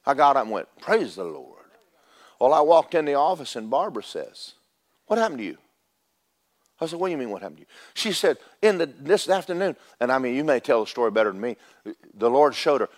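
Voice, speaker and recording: Male pastor, storytelling sermon, shifts between raised and quiet delivery, preaching in a church. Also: mid-range voice, expressive, fast. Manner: storytelling preacher, swings from loud to hushed. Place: church sanctuary.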